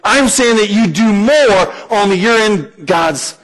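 A man with a high voice delivers a church sermon with lively animation. He slips into acted-out prayers and dialogue as he preaches. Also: slow pace, low-quality recording.

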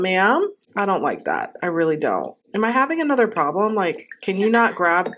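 A woman's voice: mid-range voice, very animated, normal speed, few pauses, fairly bright tone, slight background noise. A woman giving casual gameplay commentary, talking to her game characters in an exasperated, playful way. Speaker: gaming host.

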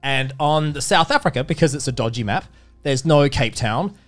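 Animated man rambling through a story. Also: mid-range voice, normal speed, soft background music. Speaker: podcast co-host. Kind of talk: casual podcast chat.

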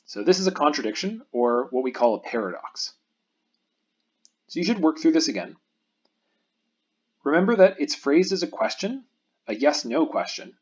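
A man at a middle pitch with a slightly husky voice explains a math lecture patiently, step by step. His intonation moves a lot, rising and falling as he walks through each case. The recording sounds a little dull and lo-fi. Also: sing-song, a little mellow. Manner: patient explanatory lecturing, pauses for the viewer to think.

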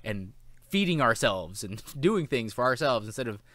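Animated, profane young-sounding male reviewer. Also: mid-range voice, moderate pace, dry recording. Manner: animated, swears a lot, acts out quotes. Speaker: podcast co-host. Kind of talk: casual review chat.

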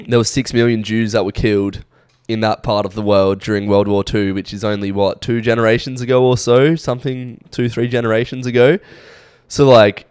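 A man's voice: lowish voice, a little mellow, smooth, no echo, studio quality. A young Australian man co-hosting a podcast, telling rambling stories in a laid-back, casual way with lots of fillers. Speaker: podcast co-host. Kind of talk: casual chat.

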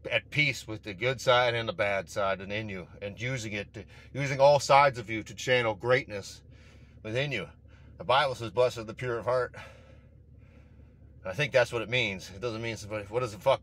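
A man's voice: fairly low pitch, moderate pace, fairly bright tone. A man in a casual motivational monologue, intense and profane, rambling as he talks. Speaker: vlogger. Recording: outdoor traffic noise.

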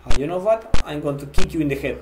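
A let's play gamer in a comic vampire persona speaks in a man's voice on the high side, commenting in broken English while playing a horror game and talking to what he sees. The room is echoey and the background noise is heavy.

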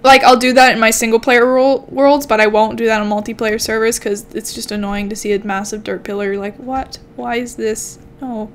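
A young woman hosting a channel chats playfully to herself as she comments on her game. Her voice is fairly high and level in tone, moving at a normal speed with hardly any pauses. Slight background noise can be heard.

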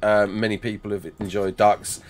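A man's voice: on the low side, little pitch movement, moderate pace. A young English man streaming a game live, chatting casually and reading viewer comments aloud as he answers them. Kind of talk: casual live-stream chat while gaming. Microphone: desk mic with face cam.

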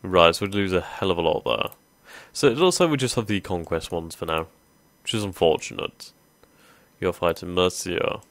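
A man's voice: deep voice, expressive, normal speed, gravelly, fairly bright tone, no echo. A man hosting a strategy game let's play, thinking aloud casually with many ums. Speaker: gaming video host.

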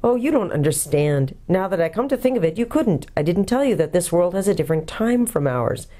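A woman's voice: fairly low pitch, very animated, fairly quick, mellow. A woman voicing a cross, complaining English schoolboy in a storybook reading.

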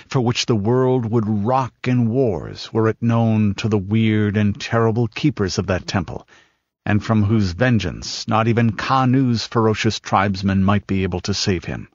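A man narrating a sword-and-sorcery audiobook in a measured, dramatic storytelling manner. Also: on the low side, no echo, lo-fi sound.

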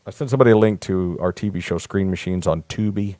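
This time the host has a low, dark voice and talks fast over a dry recording. His live-stream monologue is made up of meandering, foul-mouthed anecdotes told in a blunt, offhand way.

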